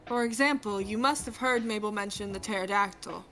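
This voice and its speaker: A woman's voice: medium pitch, a little fast, fairly bright tone, close to an everyday voice. A woman voicing a brainy middle-aged male paranormal scientist in a fan fiction reading, with a theatrical, mysterious delivery.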